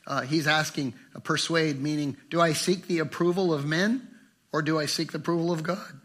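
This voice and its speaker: Fervent preacher man with a bright voice. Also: on the high side, steady tone, normal speed. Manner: passionate, swinging between fervent and hushed. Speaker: pastor. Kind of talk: sermon.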